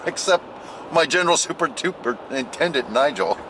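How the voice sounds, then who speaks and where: Animated man telling a jokey story. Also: on the high side, unhurried, noisy background. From United States. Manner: animated, jokey, swings into loud exclaims and mimicked voices. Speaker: vlogger. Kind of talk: casual storytelling vlog.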